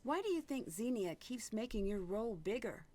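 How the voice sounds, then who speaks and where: A woman voicing a polite, curious young detective in a mystery video game, even and dry. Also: fairly high pitch, moderate pace.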